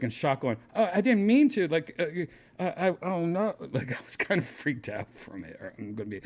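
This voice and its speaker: Animated man telling a crude story. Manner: animated, jumps up in pitch for quoted voices, crude jokes, laughs often. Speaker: podcast host. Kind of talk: casual solo storytelling.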